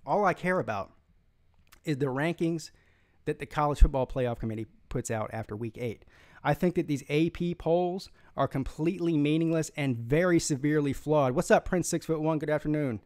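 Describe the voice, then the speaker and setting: A man hosts a live sports stream, rambling through his opinions and reading viewer comments aloud, full of restarts and fillers, all while he has the hiccups. His voice is a little high and a bit mellow, at a normal speed.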